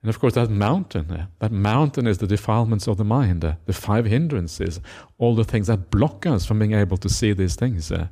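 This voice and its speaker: Monk guy giving a dharma talk, low gravelly mellow voice, lots of uh's, acts out the dialogue. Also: expressive, moderate pace, few pauses. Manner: storytelling with many uh fillers and acted quotes. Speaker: Buddhist monk teacher.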